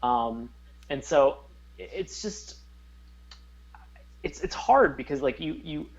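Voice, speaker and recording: A mid-pitched man co-hosting a casual podcast. His talk is rambling and animated, full of restarts as he hunts for the right word. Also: slow, muffled recording. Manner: rambling, animated, searching for words. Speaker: podcast co-host. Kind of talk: casual chat.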